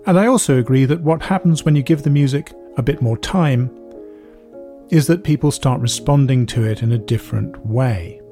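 A man hosts a podcast, explaining ideas in a measured, scripted narration. His voice sits in a middle pitch and his delivery stays thoughtful. Faint music plays under him at times. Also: warm tone. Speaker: podcast host.

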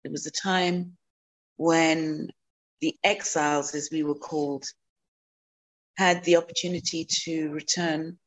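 A woman from South Africa speaks as an interview guest in a slightly low voice. She answers reflectively, pausing often and filling gaps with soft ums. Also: steady tone. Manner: thoughtful, many ums and pauses.

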